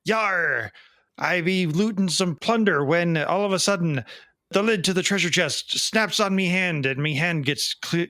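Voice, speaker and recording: A man voicing a gruff old male pirate with a hook and peg leg, speaking in growly pirate talk. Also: high voice, a little slow, bright, forceful tone, dry recording, studio quality, voice pushed up. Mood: growling.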